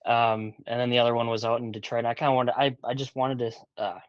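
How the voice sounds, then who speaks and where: A man's voice: medium pitch, flat delivery, brisk, no echo. Hesitant young male guest, dull sound. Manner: hesitant, many fillers and restarts. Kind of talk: casual interview chat.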